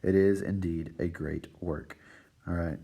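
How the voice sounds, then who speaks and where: A man's voice: deep voice, fairly even intonation, measured pace, vocal fry, dark tone, breathy edge. A man teaching a recorded literature lesson to his students, checking in with "right?" and "all right" after nearly every point.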